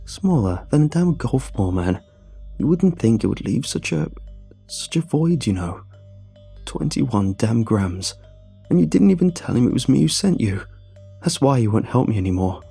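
A man's voice: fairly low pitch, a little slow, gravelly, dark tone, slightly rough, faint music behind, heavily acted. A man voicing a bitter, sobbing middle-aged drunk with a graying beard, in a scripted horror story reading.

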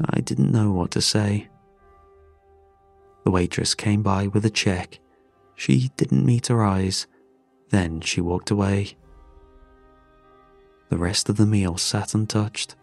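A man giving a measured, somber first-person narration of a horror story. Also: on the low side, vocal fry, no echo.

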